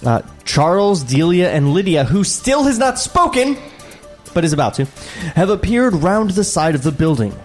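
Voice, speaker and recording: Man, comedy podcast co-host, reading a script aloud, sarcastic deadpan asides, fairly high voice, very lively pitch. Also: normal speed, soft background music. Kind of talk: comedic table read with commentary.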